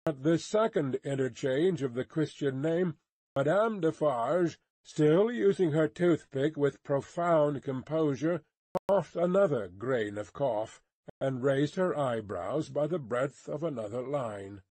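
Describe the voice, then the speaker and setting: Male narrator, unhurried and deliberate, dry close recording. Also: a little high, expressive, a little mellow, no room sound. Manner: slow, careful reading. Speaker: audiobook narrator. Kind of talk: scripted narration of a classic novel.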